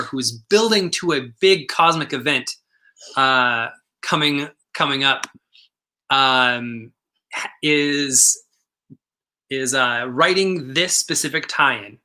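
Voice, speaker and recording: An enthusiastic man co-hosting a comic shop stream, his voice very bright and tense. He rambles cheerfully, stacking fillers and restarts as he talks up new releases. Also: medium pitch, slow pace. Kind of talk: casual chat.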